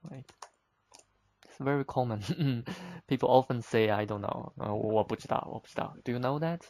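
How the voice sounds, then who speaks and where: A man's voice: mid-range voice, moderate pace, a little mellow. A man teaching vocabulary, explaining patiently step by step in plain, slightly broken English with simple examples. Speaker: Chinese teacher.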